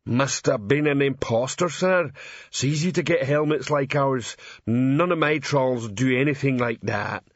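A man voicing a slow-witted, earnest male troll sergeant who speaks slowly and ungrammatically. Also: medium pitch, dry recording, dull audio, close to an everyday voice.

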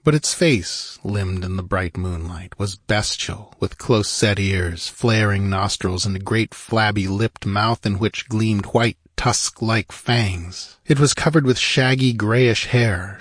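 A man narrating an audiobook in a measured, grave manner with a husky voice. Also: fairly low pitch, no echo, clean studio sound.

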